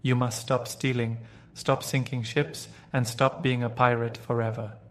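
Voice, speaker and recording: Kindly storybook doctor, soft and measured, unhurried, read by a man. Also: mid-range voice, little pitch movement, natural voice. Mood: calm. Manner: gentle, measured, polite. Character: kind calm male doctor, middle-aged.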